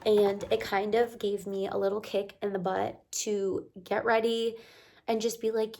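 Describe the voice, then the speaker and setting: A young woman vlogger with a hoarse voice from crying, chatting to her viewers with casual motivational encouragement and rambling asides. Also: medium pitch, little pitch movement, moderate pace, a little mellow. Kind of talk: casual motivational talk to camera.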